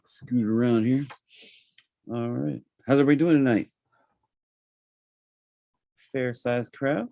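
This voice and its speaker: A man with a Southern drawl runs a live online trading class in an easygoing, chatty manner, with lots of ums and uhs. His voice sits at a middling pitch. The sound is dry, with no room echo. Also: takes it slowly, creaky, long pauses. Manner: relaxed, chatty, with frequent fillers. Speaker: trading webinar host. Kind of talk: casual live webinar presentation.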